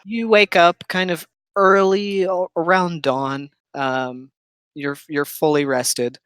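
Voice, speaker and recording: A game master narrating a tabletop game, setting eerie scenes slowly and with pauses. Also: mid-range voice, steady tone, a bit bright, smooth, dry recording, poor audio.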